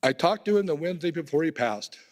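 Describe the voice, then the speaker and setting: A man's voice: fairly high pitch, animated, fast talker. A man giving a eulogy at a memorial, telling casual, conversational personal stories. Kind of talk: storytelling eulogy. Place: temple hall.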